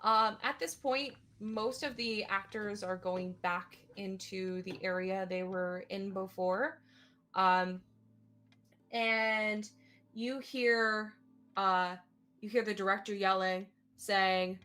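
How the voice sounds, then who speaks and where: A woman running a tabletop game as game master, narrating at an unhurried pace with plenty of filler words. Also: mid-range voice, fairly even intonation, fairly bright tone.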